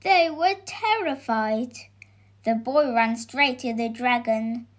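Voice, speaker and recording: A woman narrating a children's storybook aloud. She reads slowly and clearly, with a slightly high voice. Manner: slow and clear.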